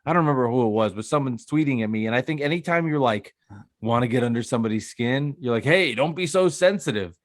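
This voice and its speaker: Male co-host, casual and animated, acts out dialogue. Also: mid-range voice, fast, no room sound, studio quality. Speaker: podcast co-host. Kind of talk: casual chat.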